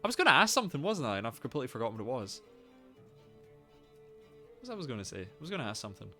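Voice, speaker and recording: A young man chats on a live game stream, his pitch leaping wildly up and down as he loudly greets viewers. His voice is bright and sits a little high, with soft music playing behind him. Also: very fast. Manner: animated, loud greetings to viewers; swears casually, rambles. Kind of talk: casual live-stream chat.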